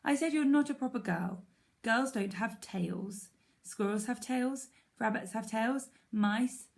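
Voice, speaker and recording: A small young barn owl chick, high and a little gravelly, quick to take offence and full of earnest questions, as a woman reads him aloud. He sounds like a storybook character from a read-aloud tale. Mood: indignant.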